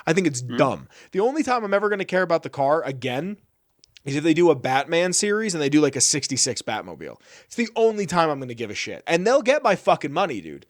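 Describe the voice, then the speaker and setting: A man co-hosting a podcast, telling stories in a casual, animated and profane way. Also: on the high side, fast, dry recording, clean studio sound. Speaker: podcast co-host. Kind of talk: casual chat.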